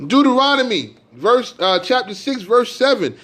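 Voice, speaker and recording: A man preaching a fiery street sermon, climbing to loud emphatic peaks and dropping low to explain, and reading scripture in a slower, measured cadence. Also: animated.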